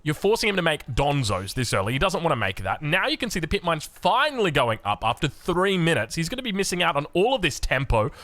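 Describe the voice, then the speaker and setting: A man with an Australian accent casting a strategy game in excitable, chatty commentary. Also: on the high side, fast, hardly any pauses. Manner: excitable, animated, chatty, laughs often. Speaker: game caster.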